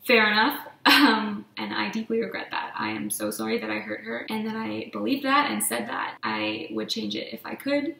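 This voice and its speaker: Candid vlogger in her twenties, reflective, fry-edged voice. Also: mid-range voice, wildly swooping pitch, moderate pace, few pauses, bright, forceful tone, roomy sound. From Canada. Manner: reflective and candid, often says "like". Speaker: YouTuber answering a tag. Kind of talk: candid personal vlog.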